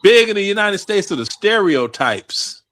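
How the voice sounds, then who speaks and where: A man's voice: high-pitched, moderate pace, a crowd in the background. A man hosting a casual group conversation, telling stories and acting out the voices of the people in them. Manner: animated storytelling, acts out quoted voices.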